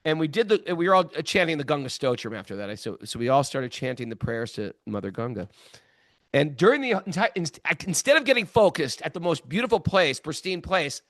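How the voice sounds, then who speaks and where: A man in his sixties, hosting a podcast, telling a self-mocking story in a casual, animated way with plenty of fillers. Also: on the high side, a little fast, dry recording, clean studio sound. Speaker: podcast host.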